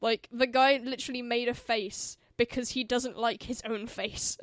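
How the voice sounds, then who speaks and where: A woman's voice: a little high, fairly even intonation, moderate pace, no echo, clean studio sound. A woman hosting a podcast, chatting casually and rambling with lots of fillers. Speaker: podcast host. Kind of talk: casual chat.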